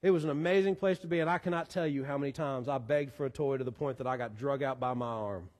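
A pastor, preaching a sermon in animated style with pleading repetitions. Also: male voice, mid-range voice, quick pace. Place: church sanctuary. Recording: long church hall reverb.

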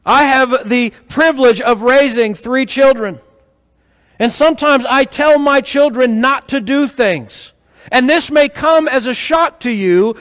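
A man preaching a sermon to a congregation, telling stories with rhetorical questions in an animated way. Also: extremely high pitch. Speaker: pastor. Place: church hall with congregation. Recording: echoey hall.

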